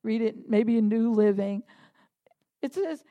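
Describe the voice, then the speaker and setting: A woman with a high voice preaches a lively sermon. She talks animatedly, laughs as she goes, and rises into fervent shouted prayer. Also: unhurried, pauses often, lo-fi sound.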